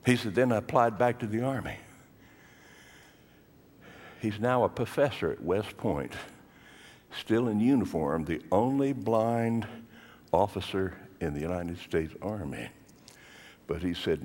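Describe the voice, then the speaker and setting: An older male pastor preaching a sermon, telling stories dramatically and swinging between hushed and raised delivery. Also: lowish voice, animated, measured pace, pauses often. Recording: long hall reverb.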